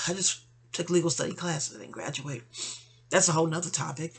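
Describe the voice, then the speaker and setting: A woman's voice: sits low, moderate pace, gravelly, husky. A woman venting to a friend in a rambling, exasperated personal monologue, full of slang and side remarks. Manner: animated, exasperated storytelling with slang and asides.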